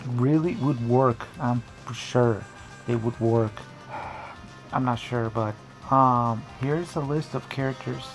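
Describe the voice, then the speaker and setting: Brief: male creator, mid-pitched, gravelly, loose rambling commentary full of restarts. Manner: rambling, frequent restarts and asides. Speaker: video creator.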